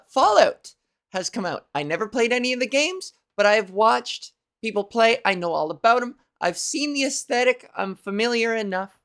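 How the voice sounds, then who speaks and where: A woman's voice: on the high side, fairly bright tone. A woman comedian hosting her own podcast, rambling through a profane comic monologue.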